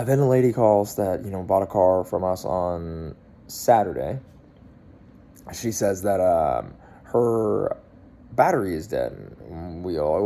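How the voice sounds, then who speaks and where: A man's voice: sits low, expressive, a little slow, mellow. A man in his thirties, a car dealer, telling a long story in a casual, rambling way with lots of fillers and restarts.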